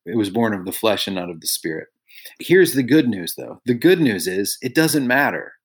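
A middle-aged songwriter and author, appearing as a podcast guest, tells personal stories earnestly and reflectively. His fairly low, breathy-edged voice is very animated at a normal speed, livening up when he quotes others before settling back into a thoughtful, conversational tone.

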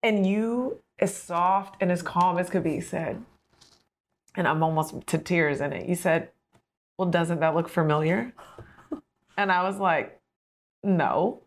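Lively lower-voiced woman host. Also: a little slow. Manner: animated, laughing, frequent fillers and restarts. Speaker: podcast host. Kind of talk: casual conversational storytelling.

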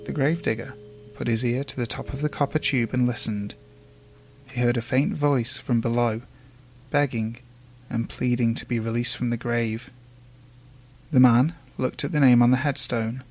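A man narrating urban legends in a measured, hushed, ominous way. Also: medium pitch, steady tone. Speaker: storyteller. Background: faint music.

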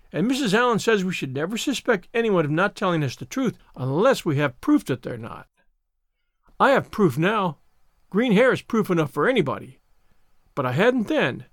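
A man's voice: sits high, no echo, clean studio sound. A man voicing a dramatic, wordy young girl in a storybook reading, pleading in a theatrical manner. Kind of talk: audiobook character reading.

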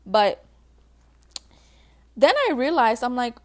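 Chatty young-sounding woman, somewhat high voice. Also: slow. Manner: chatty, emotional, calls viewers sis and babe, many likes. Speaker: vlogger giving relationship advice. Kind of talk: casual heartfelt talk to viewers.

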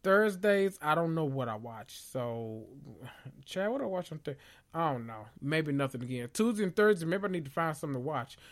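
A man from the South, hosting a podcast in casual, opinionated chat with dramatic swings in pitch. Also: animated, moderate pace. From Southern United States. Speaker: podcast host.

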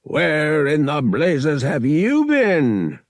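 Gruff, cursing male captain, voiced by a male reader, gravelly, dry close sound. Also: medium pitch, sing-song, a little slow, no echo, pitched above the performer's own voice, heavily acted.

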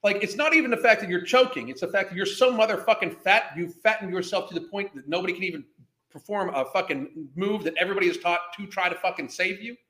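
A high-pitched man with a sharp, bright edge rants in anger, mocking and swearing through every line. His voice carries in an echoey room. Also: quick pace. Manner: angry, mocking, heavy swearing. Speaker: commentary host. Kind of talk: profane ranting commentary.

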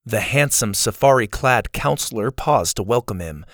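A man reading a children's adventure audiobook as narrator, in an expressive, animated manner. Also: medium pitch, normal speed, dry recording, studio quality. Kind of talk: scripted storybook narration.

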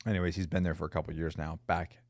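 A man's voice: sits low, flat delivery, quick pace, a little mellow, no room sound, clean studio sound. A man hosting a podcast, talking in a loose, casual way with swearing and "bro.". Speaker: podcast host. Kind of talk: casual interview chat.

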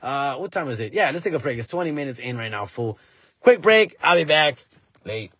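A man's voice: mid-range voice, expressive, fast talker, a bit bright, husky, no room sound. A man, hosting a podcast and telling a story casually, dropping Spanish phrases and calling the listener "fool" and "dog". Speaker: podcast host.

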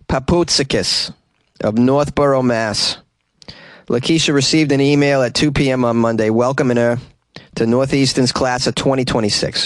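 A man voicing a broad Boston-accented news reader, reading in an animated, mock-indignant way from a small closet. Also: medium pitch, dry recording, lightly acted.

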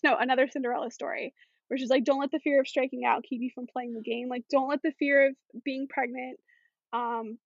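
A woman's voice: high voice, dry recording, highs cut off. A woman talking as a podcast guest in casual chat, chatty with many fillers.

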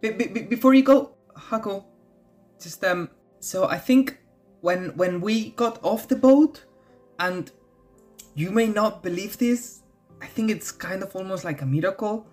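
A woman's voice: mid-range voice, measured pace, a little mellow, soft background music. A woman playing in a tabletop game who speaks hesitantly and stammers. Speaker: player. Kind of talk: tabletop role-play.

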